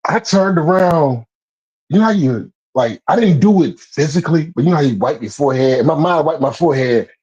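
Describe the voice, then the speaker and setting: A man with a fairly high voice spins a street story in loose, profane chat, laughing as he goes and jumping in pitch when he gets worked up. He is relaxed and conversational. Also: fairly quick, poor audio.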